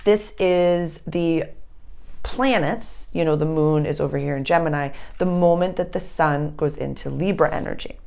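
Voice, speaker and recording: Gravelly low-voiced Boston woman. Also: moderate pace, a little mellow. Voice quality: rambling, thinking aloud with many fillers. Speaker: astrologer. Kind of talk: casual astrology lesson at a whiteboard. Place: indoor room with a board.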